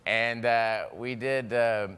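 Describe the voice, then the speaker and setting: A man, a talk show guest, telling animated anecdotes with frequent laughter in casual chat. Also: mid-range voice, slow pace, clear, resonant tone. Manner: animated storyteller, laughing often, slips into acted voices.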